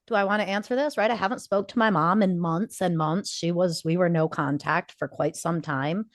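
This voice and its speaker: A woman's voice: on the low side, moderate pace, no room sound, clean studio sound. Earnest woman telling a personal story. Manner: earnest storytelling, acts out quoted dialogue. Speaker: podcast co-host. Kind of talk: casual podcast conversation.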